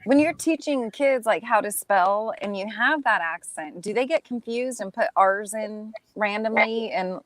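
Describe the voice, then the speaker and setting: A woman's voice: mid-range voice, measured pace, few pauses, background noise. A woman asking curious questions in a casual livestream chat.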